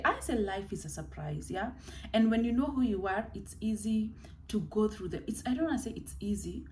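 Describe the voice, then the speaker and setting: A woman's voice: mid-range voice, a little mellow, a little hiss or hum, low-quality recording. A woman, a life coach giving a heartfelt motivational talk and repeating phrases for emphasis. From Kenya.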